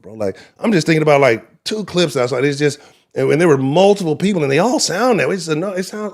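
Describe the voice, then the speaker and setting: A man from Texas with a Texan accent hosts a live sports talk stream in a voice on the high side, very animated and fairly quick. He rambles and swears, laughs often, and talks directly to the chat.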